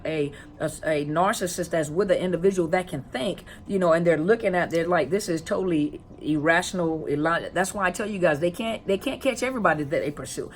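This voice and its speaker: A woman with a lowish voice talks casually to her viewers as a counselor, explaining her topic in a loose, conversational way. She keeps asking rhetorical questions, repeats phrases, and stalls on fillers while she hunts for a word. A faint hum of noise sits under the voice. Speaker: counselor and coach on narcissistic abuse. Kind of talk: casual educational talk to viewers.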